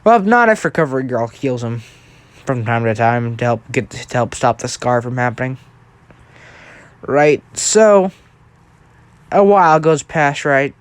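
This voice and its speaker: A man's voice: mid-range voice, lively intonation, unhurried, pauses often, clear, resonant tone, dry recording. A young man casually telling a fan-fiction story, rambling and often checking in with "right?". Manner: rambling, with frequent restarts and "right?".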